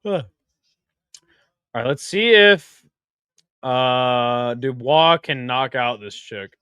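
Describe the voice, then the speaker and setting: A young man hosting a casual live-stream watch party, crude and excitable, joking with his chat. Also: medium pitch, slow pace, clean tone, dry recording.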